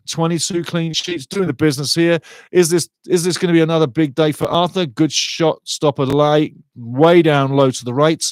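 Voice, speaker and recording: A middle-aged man doing live fan commentary of a football match, chatty and excitable, greeting viewers by name. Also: a little high, no room sound.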